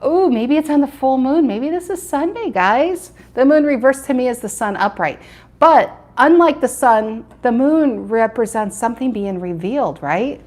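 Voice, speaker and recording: A woman's voice: sits high, lively intonation, normal speed, a little mellow. A woman doing a live tarot reading, chatting with viewers and repeating her questions as she turns the cards. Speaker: tarot reader.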